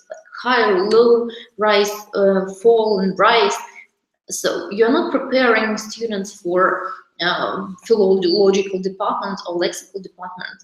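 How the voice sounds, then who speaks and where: A woman at a mid-range pitch runs a teaching workshop for other teachers, walking them through classroom activities. She explains as she goes, stopping for fillers and small restarts. Her voice bounces around a large, very echoey room. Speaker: teacher trainer.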